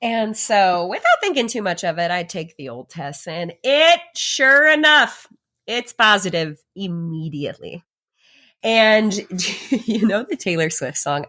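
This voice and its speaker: A woman in her thirties tells a personal story on her podcast, candid and animated. Her voice sits a little low for a woman, and she laughs often as she speeds up and slows down. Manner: candid and animated, laughs often, pace swings from rushed to slow. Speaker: podcast host.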